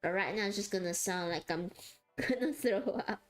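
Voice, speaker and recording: A woman's voice: medium pitch, moderate pace, faint music behind. A woman streaming live while she draws, chatting casually with viewers and laughing often. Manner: giggly and chatty, often laughing mid-sentence. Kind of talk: casual livestream chat.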